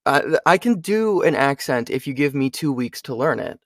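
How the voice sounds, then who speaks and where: Guest slot: young male voice actor, animated and chatty, dry close recording. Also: medium pitch, moderate pace, no room sound. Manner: animated, chatty, frequent fillers. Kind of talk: casual interview chat.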